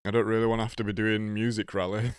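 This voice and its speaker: A man's voice: fairly low pitch, flat delivery, quick pace, clean tone, no echo, clean studio sound. A man hosting a casual live stream, nasal and congested from a cold, greeting viewers by name.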